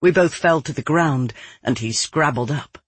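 A man reading a dark first-person novel aloud in a measured, grim storytelling manner. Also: fairly high pitch, husky, dry recording. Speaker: audiobook narrator. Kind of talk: scripted first-person fiction narration.

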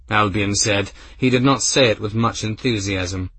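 A man narrating a novel as an audiobook, expressive and shifting into a voice for each character. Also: low voice, a little slow, hardly any pauses, breathy edge, no room sound.

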